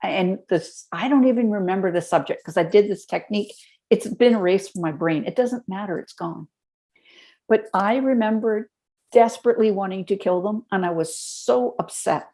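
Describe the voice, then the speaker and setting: A woman as a podcast guest, telling lively stories and explaining health tips step by step in a conversational interview. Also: mid-range voice, moderate pace.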